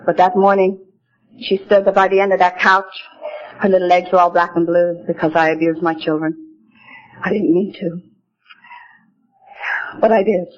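A woman's voice: on the low side, level tone, normal speed, pauses often. Older woman giving earnest testimony. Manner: earnest, plain-spoken storytelling. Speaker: recovery meeting speaker. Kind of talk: personal testimony talk. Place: meeting hall podium. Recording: dull lo-fi recording.

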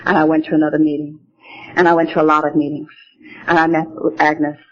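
A woman's voice: low voice, level tone, fairly quick. An older woman speaking at a recovery meeting, telling her own story in a plain-spoken, earnest way from the podium. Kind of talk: personal testimony talk. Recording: dull lo-fi recording.

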